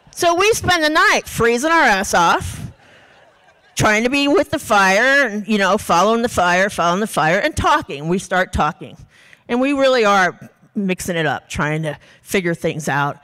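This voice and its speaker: A woman telling a true story live on stage, her bright voice swinging widely up and down as she acts out each moment. Comic and animated, she drops casual swears into the telling. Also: mid-range voice, a little slow. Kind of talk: live personal storytelling without notes.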